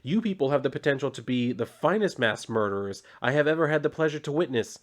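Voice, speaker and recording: A man's voice: mid-range voice, animated, quick pace, pitched above the performer's own voice, close to an everyday voice. A man voicing a chatty, oddball male cosmic watcher who rambles in a loose, slangy way. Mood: gushing.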